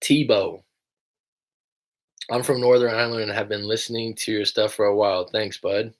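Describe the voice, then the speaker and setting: Give me a rambling young American man, a breakup coach talking casually, with a fairly low voice. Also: fairly even intonation, normal speed. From United States. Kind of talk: casual livestream chat.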